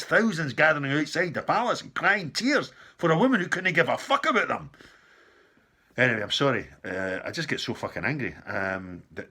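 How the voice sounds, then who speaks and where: A man's voice: medium pitch, sharp tone, husky. A man from the United Kingdom delivering an angry, profane political rant to camera, often rising to furious outbursts. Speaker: political commentator.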